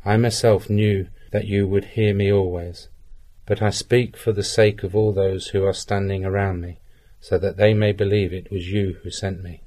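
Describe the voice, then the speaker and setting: A man reading the part of Jesus in a measured, solemn scripture reading. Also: deep voice, little pitch movement, dark tone, close to an everyday voice. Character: Jesus, calm grown man teacher.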